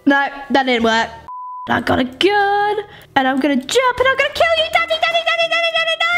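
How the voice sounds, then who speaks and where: A young woman giving excitable gaming commentary, shrieking and pleading with characters on screen. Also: very high voice, brisk. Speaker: gaming YouTuber. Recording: game music behind voice. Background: music.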